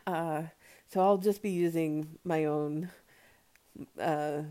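A woman's voice: sits low, steady tone, takes it slowly, mellow. An American woman hosting a solo podcast, chatting casually and rambling with plenty of fillers. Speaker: podcast host.

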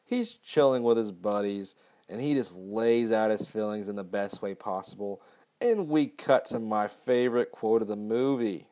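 A man's voice: lowish voice, moderate pace, darkish tone. A man casually recapping a movie, rambling and swearing often. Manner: profane, rambling. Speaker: podcast host.

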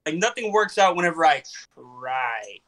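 A young man talks through his thoughts on a podcast, rambling and circling back on himself as he goes. His voice sits a little high, and his tone is bright and ringing. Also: very animated, normal speed. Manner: rambling, self-questioning, many restarts. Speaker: podcast host and comedian. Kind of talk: casual podcast chat.

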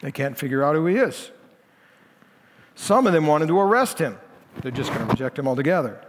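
Casting: male pastor, fairly high voice, chatty teaching sermon, long room reverb. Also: animated, brisk, background noise. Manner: conversational, paraphrasing scripture in plain speech. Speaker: lead pastor. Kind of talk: expository sermon.

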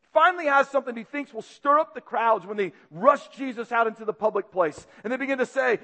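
A man preaching, retelling a story vividly and swinging between loud and hushed passages. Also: very high voice, lively intonation, quick pace, in a large hall. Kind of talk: dramatic sermon storytelling.

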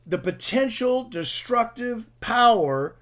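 A man preaching a sermon for radio, slow and emphatic, drawing out key words. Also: extremely high pitch, expressive, a bit bright. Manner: slow, emphatic, drawn-out stresses.

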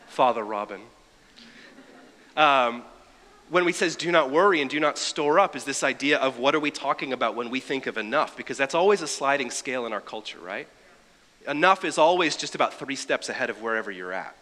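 Guy preaching a sermon, bright punchy voice, chatty and kinda wry, big echoey church hall. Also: medium pitch. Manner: conversational, wry asides. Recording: long reverb of a large hall.

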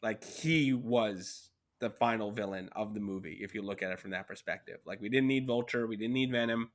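A man's voice: fairly low pitch, fairly quick. A man co-hosting a podcast, chatting casually about movies with many restarts. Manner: rambling, many fillers and restarts. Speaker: podcast co-host.

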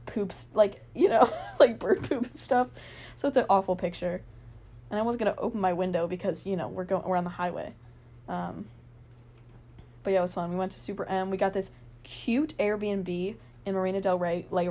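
A young woman telling a rambling, excited story in a casual vlog, full of fillers and laughs. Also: mid-range voice, a little hiss or hum.

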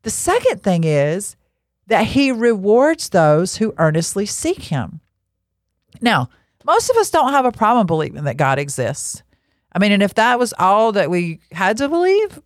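Lively woman teaching with a chatty, storytelling flow. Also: mid-range voice, moderate pace, dry recording, clean studio sound. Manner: chatty and animated, telling funny personal stories. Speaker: podcast Bible teacher. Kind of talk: conversational teaching on prayer.

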